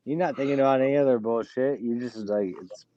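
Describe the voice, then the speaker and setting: A man's voice: medium pitch, a little fast, warm tone, dry recording, muffled recording. A man hosting a casual live show, talking bluntly and swearing often, bragging about pushing through on little sleep. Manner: blunt, swears a lot, boastful. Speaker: show host. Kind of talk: casual live-stream chat.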